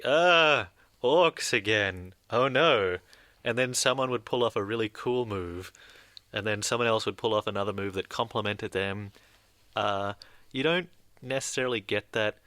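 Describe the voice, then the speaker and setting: A man's voice: fairly low pitch, fairly bright tone, dry recording. A man co-hosting a radio podcast in a studio, reviewing a game in casual, emphatic chat. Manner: emphatic, repeats words for effect. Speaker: podcast co-host.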